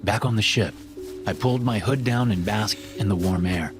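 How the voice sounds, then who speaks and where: Low-voiced man narrating a horror story. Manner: steady, measured storytelling. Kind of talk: first-person scripted horror narration. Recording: voice-over with loud music behind.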